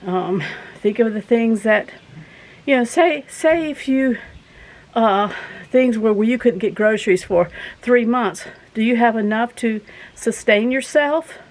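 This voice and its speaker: A woman's voice: fairly high pitch, measured pace, darkish tone, rough recording. Breathless woman vlogging outdoors. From southern United States. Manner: folksy, rambling, earnest. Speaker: vlogger host. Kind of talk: casual chat to viewers. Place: outdoors, walking from a garden.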